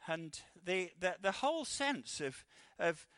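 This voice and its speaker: A man's voice: sits high, very animated, takes it slowly, fairly bright tone, no room sound. A man preaching a sermon after reading scripture aloud, emphatic, often repeating words as he goes.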